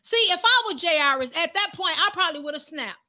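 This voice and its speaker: A woman's voice: extremely high pitch, expressive, fairly quick, bright, forceful tone. A woman preaching a live-streamed sermon in a fervent, repetitive, conversational way.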